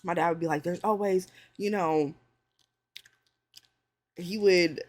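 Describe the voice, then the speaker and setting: A thirty-year-old woman chatting casually to viewers and giving advice, blunt and full of swearing, with lots of "like" and "you know". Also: takes it slowly. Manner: swings into high excited pitch when riled up. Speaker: vlogger.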